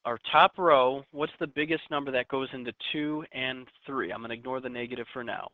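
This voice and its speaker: A man's voice: mid-range voice, fairly quick, hardly any pauses, dry recording. A chatty man teaching a math lesson, tossing in jokey asides to his students as he works. The sound is thin and phone-like, and the recording is dry and close with no room sound.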